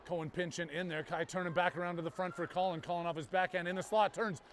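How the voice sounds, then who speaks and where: A man calling a youth hockey game live, moving from rapid play-by-play to jokey banter with his co-host. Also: high-pitched, steady tone, noisy background. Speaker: play-by-play commentator.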